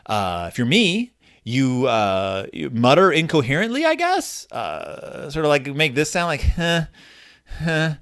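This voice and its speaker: A man's voice: medium pitch, wildly swooping pitch, measured pace, a bit bright. A middle-aged man hosting a podcast, reading a children's book aloud with wry, self-deprecating commentary and mumbled asides. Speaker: podcast host.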